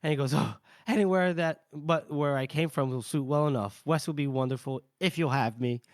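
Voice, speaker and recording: Male podcast co-host, casual recap, lightly higher voice, laughs often, drops into character lines. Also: no room sound, clean studio sound. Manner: retells scenes with quick put-on character lines and laughs. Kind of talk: casual chat recapping a book.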